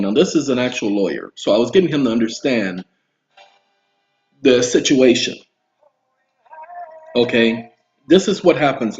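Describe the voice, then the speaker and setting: A man hosting an online video, talking to his viewers in a rambling, emphatic monologue. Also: mid-range voice. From Southern US roots. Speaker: video host. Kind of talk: casual monologue to camera. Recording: roomy, dull home recording.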